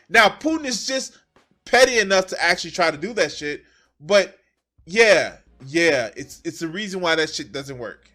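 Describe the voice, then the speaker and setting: A man's voice: fairly high pitch, animated, normal speed, bright, forceful tone, soft background music. A man giving profane, emphatic political commentary as a streamer, often repeating his phrases.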